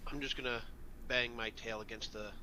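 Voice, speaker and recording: A man's voice: medium pitch, fairly even intonation, moderate pace. A man playing a tabletop game, casually describing what his character does. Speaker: player. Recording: noisy background.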